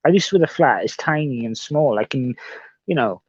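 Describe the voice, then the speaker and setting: A man's voice: medium pitch, lively intonation, normal speed, husky, no room sound. Man, livestream chat, rambling, swears a lot, repeats himself, muffled dry audio. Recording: dull, dry sound.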